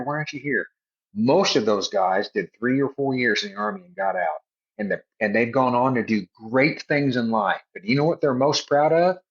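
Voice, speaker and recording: A man's voice: lowish voice, fairly bright tone. Middle-aged chaplain guy, folksy and earnest, kinda dull lo-fi sound. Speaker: army chaplain guest. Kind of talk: casual podcast storytelling.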